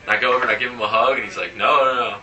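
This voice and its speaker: A man's voice: lowish voice, fairly even intonation, very fast, pushed and bright, recorded from a distance, slight background noise, low-quality recording. A man, a professional baseball player, telling stories in a casual interview and animatedly acting out the dialogue in his anecdotes.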